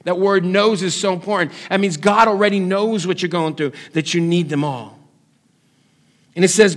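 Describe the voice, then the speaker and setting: A man with a high voice preaches a sermon. He talks with emphasis and swings between loud, raised lines and soft, low ones. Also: normal speed. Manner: emphatic preaching with dramatic swings in pitch and loudness. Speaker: pastor.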